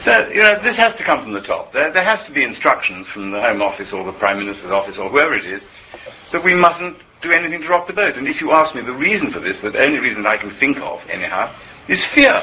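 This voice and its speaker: A man talking in an interview, animated and often stammering over repeated words. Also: mid-range voice, quick pace, muffled recording, a little hiss or hum. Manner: animated, with frequent stammered repetitions. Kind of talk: impassioned conversational interview.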